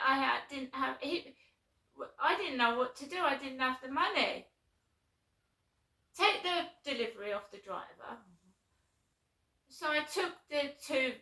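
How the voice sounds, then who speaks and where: A woman with a high-pitched, bright, forceful voice vlogs a rambling, aggrieved story at length, peppering it with "right?". The recording has a roomy echo.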